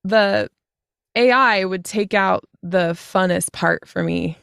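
Gravelly-voiced chatty woman. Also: mid-range voice, a bit bright, no echo, clean studio sound. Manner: chatty, quick asides, frequent "like" fillers. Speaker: podcast guest, fantasy author. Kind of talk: casual podcast conversation.

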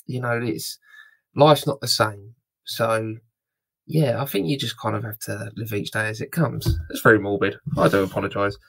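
A man's voice: fairly low pitch, steady tone, moderate pace, vocal fry, slightly rough. Rambling, apologetic man hosting a podcast. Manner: rambling and apologetic, chatty asides. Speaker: film news podcast host. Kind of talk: casual podcast chat.

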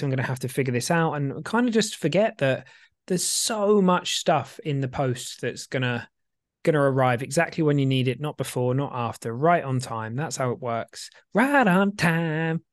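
A man co-hosting a podcast in a relaxed, joking, rambling way. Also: medium pitch, normal speed, dry recording. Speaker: podcast co-host. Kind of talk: casual podcast chat.

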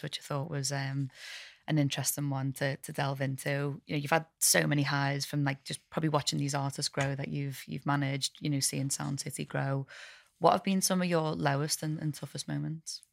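An interviewer asks long questions that wander and restart. The voice stays flat in pitch and has a gravelly edge. The sound is close and dry. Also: no echo.

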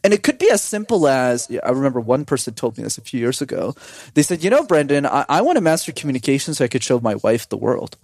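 Fast-talking energetic man, dry close mic. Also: medium pitch, no room sound. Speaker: podcast guest, communication coach. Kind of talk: casual podcast chat.

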